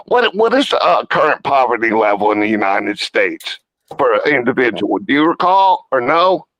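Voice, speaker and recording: Brief: male debate guest, forceful bright voice, dry close sound, folksy and rambling. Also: medium pitch, very animated, moderate pace, dry recording, low-quality recording. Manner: rambling and folksy, with casual swearing. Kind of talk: casual live-stream debate.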